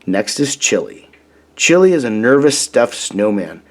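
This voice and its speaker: A man reading a children's storybook aloud in a gentle, deliberate way. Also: mid-range voice, sing-song. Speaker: storybook reader.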